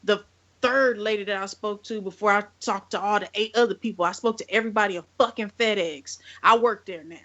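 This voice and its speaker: A woman's voice: mid-range voice, steady tone, brisk, a bit bright. Woman podcast co-host, casual storytelling rant, cursing and exasperated, a bit muffled lo-fi audio. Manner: profane, exasperated, acts out both sides of phone calls.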